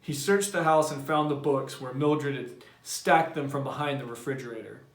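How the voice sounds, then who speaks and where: A man, a teacher, reading a novel aloud to his class in a plain, steady storytelling voice. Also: mid-range voice, normal speed. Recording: roomy echo.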